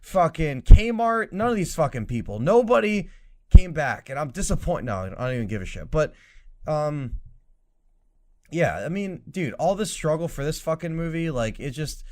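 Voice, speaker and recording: A young man co-hosting a casual podcast, talking in an animated, profane way and mocking lines as he retells scenes. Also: fairly high pitch. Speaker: podcast co-host.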